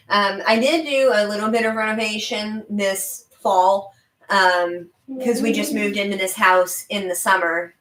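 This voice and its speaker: A woman's voice: mid-range voice, steady tone, measured pace, a bit bright. Chatty Southern woman in a roomy room. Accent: faint Southern US. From American South. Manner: chatty and rambling, laughing often, talking to her dog. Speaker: livestream host. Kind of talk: casual live-stream chat. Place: room in her house. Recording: roomy home recording.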